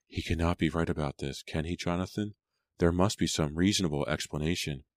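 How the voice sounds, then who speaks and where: A sensible young woman speaks softly and pleads with the man beside her. A man voices her with little change from his own very deep voice. The sound is dry and close. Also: a little fast, dry recording, lightly acted. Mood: worried. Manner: soft, pleading.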